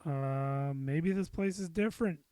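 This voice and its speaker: A middle-aged man talks through a casual solo podcast at an unhurried, drawn-out pace. He rambles and pokes fun at himself, dropping in plenty of "uh"s and a few swear words. His voice sits close and dry, with hardly any room around it. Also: on the high side, warm tone, no echo. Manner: rambling and self-deprecating, with frequent fillers and swearing. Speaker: podcast host.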